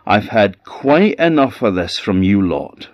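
A man with a Scottish accent voicing a kind, worn-out young woodcutter who speaks up high and hesitant. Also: huge pitch swings, slow, creaky, dry recording, muffled recording, exaggerated voice. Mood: fed up.

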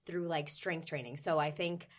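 A woman's voice: low voice, fairly even intonation, normal speed. A young woman, a personal trainer and former stage performer, chatting enthusiastically on a podcast with frequent fillers. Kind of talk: casual podcast chat.

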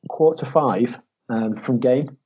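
Young man, casual podcast chat, animated storyteller, mellow husky voice. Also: mid-range voice, a little slow. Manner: animated storytelling, acts out quotes in a raised voice, swears, laughs often. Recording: dull lo-fi audio.

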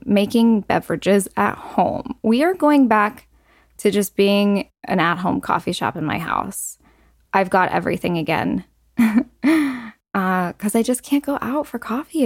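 A young adult woman hosting a solo podcast, talking casually with lots of "like" and "um" fillers and quick asides. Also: medium pitch, no echo, studio quality. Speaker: podcast host.

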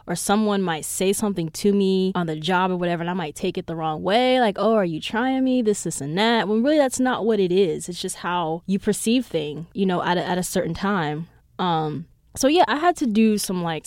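A woman's voice: clean tone, no echo, clean studio sound. A young woman hosting her own podcast, chatting casually and rambling with lots of "like" and "um". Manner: animated, jumps up in pitch when retelling reactions. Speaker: podcast host. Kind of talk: casual solo podcast chat.

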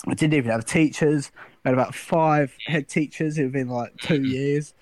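A man's voice: on the high side, steady tone, moderate pace, darkish tone, no room sound. A young man in casual chat with friends, blunt and exasperated, swearing freely.

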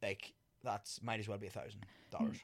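An easygoing young man with a Monaghan accent chatting as a guest. His voice sits a bit low, and he trails off and restarts as he talks. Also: fairly even intonation, a little fast, vocal fry, a crowd in the background. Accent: Irish, Monaghan. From Ireland, North Monaghan. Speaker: guest, personal trainer. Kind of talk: casual chat.

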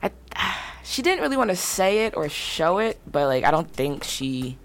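A woman co-hosting a casual podcast, telling personal stories in a relaxed way with many "like"s and "um"s. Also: fairly low pitch, moderate pace. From United States. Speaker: podcast co-host. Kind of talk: casual conversation.

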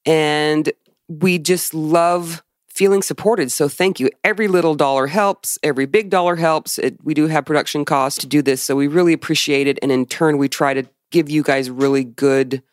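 A woman's voice: low-pitched, moderate pace, no room sound, clean studio sound. A woman co-hosting a podcast, chatting casually and rambling a little as she talks. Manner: rambling, self-deprecating. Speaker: podcast co-host. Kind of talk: casual chat.

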